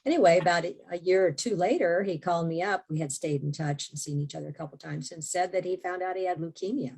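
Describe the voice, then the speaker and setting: An older woman with a low, gravelly voice. She is a guest author recounting her life story in an interview. She tells it warmly and laughs easily. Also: fast talker.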